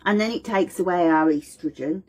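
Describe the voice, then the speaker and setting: A woman's voice: lowish voice, normal speed. A middle-aged woman, giving an informal lecture on aromatherapy and acting out little voices as she explains. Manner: animated, acts out voices of mum and baby. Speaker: aromatherapy teacher.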